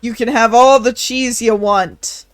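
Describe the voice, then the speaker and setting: Girl voicing a bragging dragon mayor who loves red meat, kinda high, dry mic, bit of music under. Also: fairly even intonation, measured pace, no room sound, natural voice. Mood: cocky. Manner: rambling, crude and jokey. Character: boastful meat-loving male dragon mayor. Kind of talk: improvised tabletop role-play.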